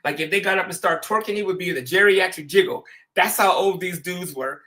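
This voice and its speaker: A host with a high voice talks fairly quickly, swapping casual stories on his show. Animated and full of slang, he dramatizes quotes with laughs mixed in.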